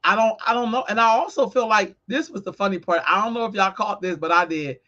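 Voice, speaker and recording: This podcast co-host is a woman chatting casually, speaking bluntly and emphatically with lots of profanity. Her voice is medium-pitched and sharp, she talks fast, and the highs are cut off.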